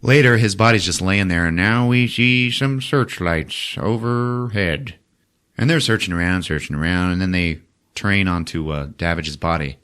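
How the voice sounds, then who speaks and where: A man hosting a podcast, retelling a film in a casual, profane, animated way. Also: deep voice, moderate pace, smooth. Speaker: host. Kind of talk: casual chat.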